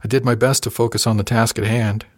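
A man reading a first-person story aloud in a measured, wry narrating manner, close to the mic. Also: mid-range voice, level tone, dry recording. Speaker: audiobook narrator.

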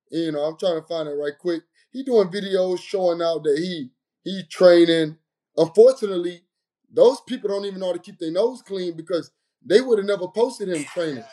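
Mellow-voiced man, emphatic and aggrieved. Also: on the high side. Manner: emphatic and aggrieved, repeating points. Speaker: professional boxer. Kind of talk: impassioned direct-to-camera monologue.

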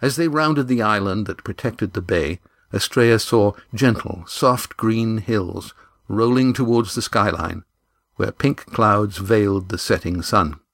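A man reading an adventure novel aloud in a measured, even storytelling manner on a close studio mic. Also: fairly low pitch, vocal fry, no echo. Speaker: audiobook narrator. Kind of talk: scripted narration of an adventure novel.

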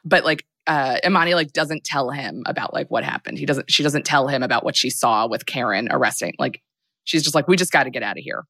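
Casual podcast host, young woman, low and dry, rambles through a film recap with lots of fillers. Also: fairly quick, fairly bright tone, no room sound.

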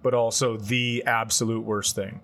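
A man co-hosting a podcast, chatting casually with wry, unhurried remarks. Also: lowish voice, level tone, fairly bright tone. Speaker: podcast co-host. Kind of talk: casual chat.

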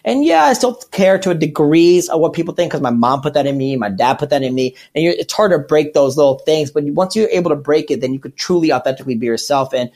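A man's voice: a little high, lively intonation, fast, few pauses, a little mellow. A man who works as a comedian, talking as a podcast guest in a rambling, candid way and correcting himself as he goes. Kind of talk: casual podcast chat.

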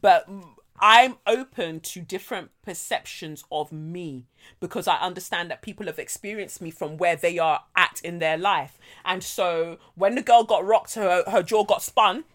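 A young woman, co-hosting a chat show and telling stories in an animated, slangy, frank way with plenty of laughter. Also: on the low side, normal speed. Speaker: podcast co-host. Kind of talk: casual chat, storytelling.

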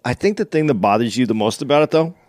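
A man's voice: mid-range voice, lively intonation, quick pace, darkish tone, no room sound. A man co-hosting a casual chat, speaking hesitantly and restarting his sentences.

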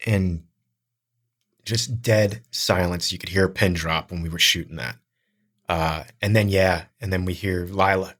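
A man co-hosting a podcast, telling stories in a casual, lively way. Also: low-pitched, measured pace. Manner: animated, lively storyteller. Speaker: podcast co-host, actor. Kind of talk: casual chat, storytelling.

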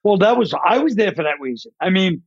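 A man with a fairly high speaking voice spins long, rambling comedy stories and slips into character voices as he tells them. The sound is dry and a little dull, like a close studio podcast mic. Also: brisk, dry recording. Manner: rambling, animated storyteller who acts out voices. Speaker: comedian guest. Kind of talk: casual interview storytelling.

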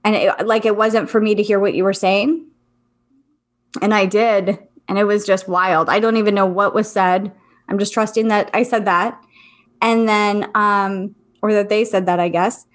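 A woman's voice: medium pitch, fairly even intonation, moderate pace. A woman co-hosting a podcast, chatting casually and rambling with lots of fillers. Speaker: podcast co-host, psychic reader. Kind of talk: casual chat.

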